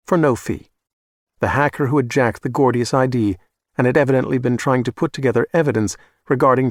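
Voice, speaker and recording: A man narrating a thriller audiobook in a measured, even storytelling manner. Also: medium pitch, dry recording, studio quality.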